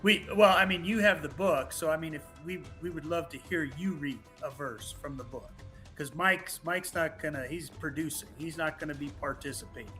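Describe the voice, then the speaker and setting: A man's voice: a little high, normal speed, music in the background. A man co-hosting a casual chat, hesitant and prone to restarts. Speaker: co-host.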